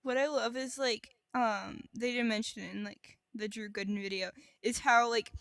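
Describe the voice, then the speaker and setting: A woman's voice: on the high side, steady tone, normal speed, fairly bright tone, smooth, no room sound. A woman co-hosting a podcast in casual chat, talking loosely with lots of "like" fillers. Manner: chatty, frequent "like" fillers. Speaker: podcast co-host.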